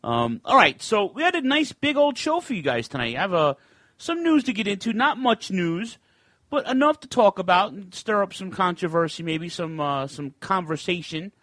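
A man's voice: sits high, sing-song, moderate pace, pushed and bright, no room sound. A man in his forties hosting an internet radio talk show, telling chatty stories and acting out the other people in them. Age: 40s. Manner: chatty storyteller, acts out other people's lines. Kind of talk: casual podcast chat.

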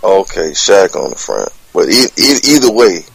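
A man's voice: sits low, big pitch swings, moderate pace, vocal fry, fairly bright tone, husky, no echo, rough recording. A man co-hosting a casual wrestling chat, teasing and lecturing his friends. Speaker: wrestling show co-host.

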